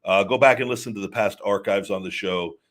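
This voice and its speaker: The man's voice is on the low side and a bit bright, moving briskly. He's a podcast host on a livestream, answering viewer chat in a loose, rambling way with plenty of repetitions and false starts.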